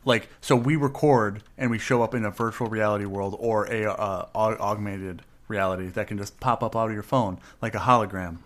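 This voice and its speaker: A man's voice: fairly low pitch, steady tone, normal speed, hardly any pauses, fairly bright tone. A man co-hosting a casual podcast, joking and rambling, laughing often. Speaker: podcast co-host.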